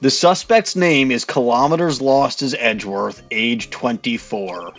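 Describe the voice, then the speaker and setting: A man's voice: medium pitch, unhurried, fairly bright tone, soft background music. A man doing a silly male TV news reporter voice, with a mock-formal newscaster delivery, for a comedic game playthrough. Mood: urgent bulletin.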